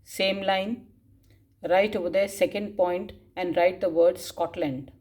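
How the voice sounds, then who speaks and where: A woman's voice: lowish voice, steady tone, slow, darkish tone. A woman teacher dictating class notes, spelling words out and repeating phrases, with frequent coughs. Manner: frequent coughs and throat clearing.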